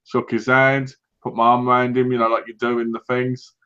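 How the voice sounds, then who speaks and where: A British man co-hosting a casual podcast, telling lively anecdotes and acting out what other people said. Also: medium pitch, fairly quick, clear, resonant tone. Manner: animated anecdotes, acts out other people's lines. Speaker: podcast co-host. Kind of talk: casual chat, storytelling. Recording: dull lo-fi recording.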